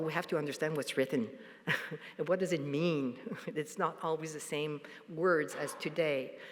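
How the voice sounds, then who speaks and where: A woman giving a conference presentation, speaking haltingly with frequent restarts. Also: low voice. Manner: halting, restarts, light laughs. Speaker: panel presenter. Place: large conference hall. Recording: long hall reverb.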